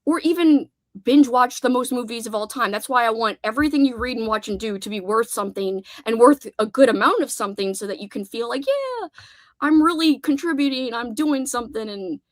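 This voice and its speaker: A young woman with a high, bright-pitched voice hosts a laid-back livestream, chatting and giggling as she reacts to her viewers. The sound is close and dry, with no room around her. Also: fairly quick, few pauses, dry recording. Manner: giggly, chatty, reads chat aloud. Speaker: livestream host. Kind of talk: casual livestream chat.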